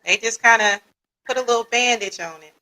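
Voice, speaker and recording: A woman hosting a casual podcast interview, lively and slangy, laughing easily. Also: on the high side, a little fast, poor audio. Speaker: podcast host.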